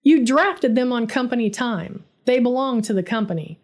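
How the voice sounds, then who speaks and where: Woman voicing a male construction boss, arrogant, condescending, dismissive, higher-pitched. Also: expressive, normal speed, a little mellow. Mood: smug. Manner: smug, dismissive.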